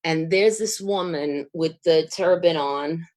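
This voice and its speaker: A middle-aged woman, a guest telling a story in an interview, rambling with fillers and restarts and laughing as she gets excited. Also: deep voice, slow pace. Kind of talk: casual storytelling.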